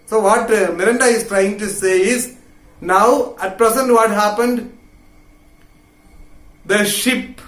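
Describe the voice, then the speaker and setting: A male teacher with a high voice goes through a play line by line at an unhurried pace. He restates each point several times in plain words, and his voice rings in a roomy echo. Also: a bit bright. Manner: repeats and paraphrases each point patiently. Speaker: English literature teacher.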